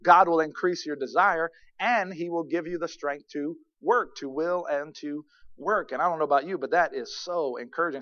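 A man preaching a sermon in a church, his voice sitting a little high. He drives points home loudly, then drops to a near mutter. The recording is dull and lo-fi. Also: normal speed. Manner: emphatic preaching, swings from loud to murmuring. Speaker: pastor. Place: church sanctuary.

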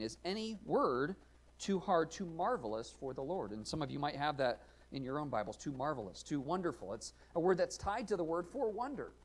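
Earnest male pastor preaching, slightly high. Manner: earnest, questioning, varies loudness for emphasis. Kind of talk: sermon.

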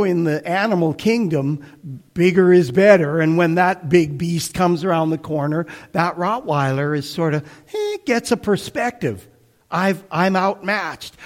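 A middle-aged man preaches a sermon in a conversational way. He speaks slowly, and his voice moves a lot, from animated swells down to near-hushed moments. His pitch sits a little high for a man. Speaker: pastor.

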